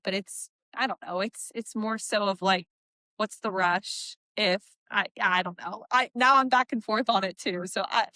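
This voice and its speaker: A woman's voice: medium pitch, normal speed, bright, forceful tone, no echo, poor audio. A woman co-hosting a podcast, thinking aloud hesitantly and trailing off as she talks. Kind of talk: casual podcast conversation.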